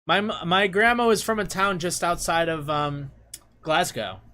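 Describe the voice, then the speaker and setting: A man's voice: high-pitched, normal speed, sharp tone. A man chatting casually with viewers, laughing often. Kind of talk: casual chat.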